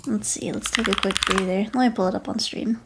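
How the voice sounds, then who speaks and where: A young woman streaming live, chatting casually and gushing, often dropping into soft whispers. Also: mid-range voice, steady tone, brisk, gravelly, heavy background noise.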